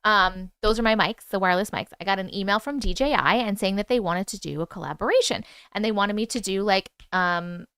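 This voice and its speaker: A woman hosting a livestream, casually telling a story, animated and profane, acting out the voices she quotes. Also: medium pitch, brisk, hardly any pauses, smooth, no echo, clean studio sound. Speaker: host. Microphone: wireless clip-on mic.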